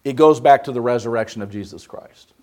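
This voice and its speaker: A man's voice: mid-range voice, fairly quick, dark tone. A man preaching a Bible study, emphatic, putting questions to the class. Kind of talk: interactive Bible study sermon.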